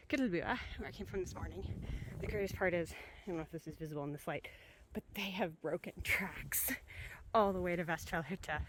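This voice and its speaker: A woman's voice: lowish voice, a bit bright, low-quality recording. Woman narrating her own ski trip to camera, casual and chatty with frequent laughs, winded, faint outdoor wind noise behind her. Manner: chatty and upbeat, laughing often, many fillers. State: out of breath from skiing. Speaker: solo backcountry skier filming herself. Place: outdoors on a snowy mountain trail.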